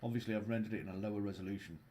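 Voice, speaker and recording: Low, mellow man with a jokey manner. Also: very fast, a little hiss or hum. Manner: jokey, playful and chatty. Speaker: game developer streaming a tutorial. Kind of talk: casual livestream tutorial.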